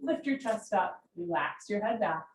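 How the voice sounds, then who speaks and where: A woman guides a home yoga class, calling out postures in a calm, encouraging way and drifting into friendly chat between sets. Her voice sits at an ordinary middle pitch. The room around her sounds roomy, with a faint hum of ambience. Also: normal speed. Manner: calm, encouraging cues with chatty asides. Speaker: yoga instructor. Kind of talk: live-streamed yoga class instruction.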